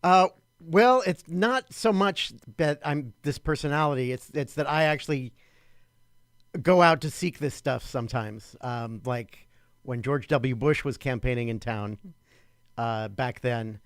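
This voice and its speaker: A man's voice: mid-range voice, animated, unhurried, no echo, studio quality. A man speaking as an interview guest in casual chat, hesitant and full of fillers.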